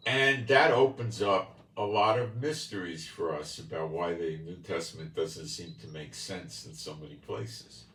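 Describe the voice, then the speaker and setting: A man with a leftover New York accent gives a bible teaching in a very low, unhurried voice. He talks in a folksy way and keeps asking if you're with him. He is picked up in a roomy space from some way off the mic, with faint ambience behind. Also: fairly bright tone, distant mic. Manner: folksy, keeps checking in with listeners. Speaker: channel host.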